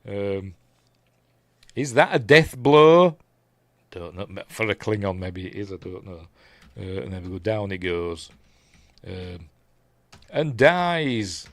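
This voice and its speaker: Man, Yorkshire accent, hoarse voice, rambling live recap, halting with ums, dry close mic. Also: on the low side, expressive, no room sound. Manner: rambling, hesitant, many ums and asides. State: voice going hoarse, coughing. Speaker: streamer reviewing TV episodes. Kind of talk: live casual episode recap.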